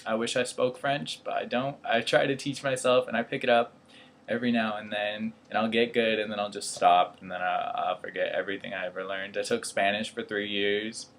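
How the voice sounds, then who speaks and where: A man's voice: fairly low pitch, little pitch movement, brisk, fairly bright tone. A young man vlogging in casual chat, rambling and poking fun at himself. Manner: rambling, self-deprecating, laughs at himself. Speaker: vlogger, airman.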